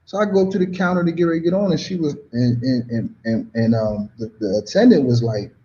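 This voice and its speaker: A man from the United States tells a story casually, full of slang and "you know what I mean." His voice is dark and mellow. The audio is dull and lo-fi. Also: medium pitch, fast. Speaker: guest.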